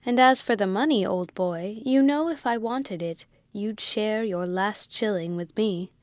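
A woman reading the part of a good-natured, loyal male army captain in an audiobook, earnest and gently reproachful. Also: medium pitch, a little slow, no echo, clean studio sound, close to an everyday voice. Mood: kindly.

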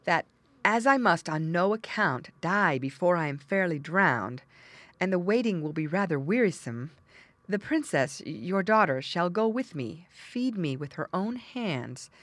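A woman's voice: on the low side, no echo. Woman voicing a cool polite young prince. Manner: polite, calm. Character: cool-headed young prince disguised as shoeblack.

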